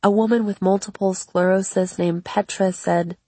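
A woman reading her own memoir aloud in a measured, reflective first-person narration. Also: medium pitch, steady tone, mellow, breathy edge, no echo. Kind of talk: scripted audiobook narration.

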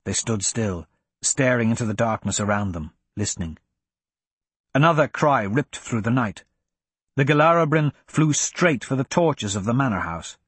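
A man narrating a fantasy audiobook with a husky voice and lively, swinging pitch. The recording is dry and close. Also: moderate pace, no room sound.

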